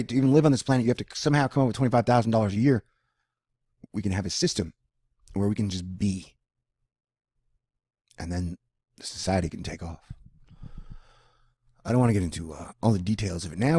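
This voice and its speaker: Gravelly-voiced man rambling animatedly. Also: no room sound, clean studio sound. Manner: animated, swings between loud bursts and low mutters. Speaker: vlogger. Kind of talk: rambling personal monologue.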